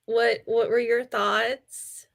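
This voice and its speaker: A woman's voice: on the high side, level tone, drawn-out words, vocal fry. A woman co-hosting a live book club stream, talking casually and laughing often. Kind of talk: casual livestream chat.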